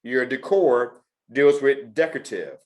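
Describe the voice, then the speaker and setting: A man's voice: mid-range voice, lively intonation, a little slow. A middle-aged man teaching a test prep session to students, talking emphatically and repeating his key points. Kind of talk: lecture to students.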